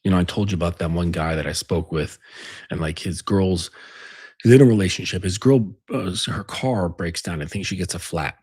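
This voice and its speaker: Very husky low-voiced man. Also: brisk, a little mellow. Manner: rambling, blunt and profane, with many fillers. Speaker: relationship coach. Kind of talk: casual advice monologue.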